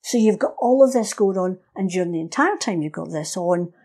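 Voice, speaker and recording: A woman with a mellow, warm voice talks through history in a relaxed podcast conversation. She tells it like a lively story and slips into the voices of the people she quotes. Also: lowish voice, brisk. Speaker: guest explaining history. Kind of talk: casual history podcast chat.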